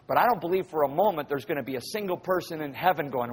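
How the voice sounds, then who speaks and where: Husky, animated male preacher. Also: on the high side, quick pace. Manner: animated storytelling preacher who acts out scenes and asks the crowd questions. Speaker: pastor. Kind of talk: sermon.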